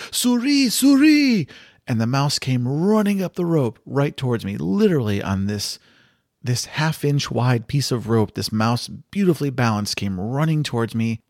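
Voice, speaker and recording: A man with a low, gravelly voice hosts his travel podcast, recorded dry with no room sound. He tells a personal story in an earnest, reflective way. He sounds encouraging throughout. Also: darkish tone, no room sound. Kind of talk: storytelling monologue.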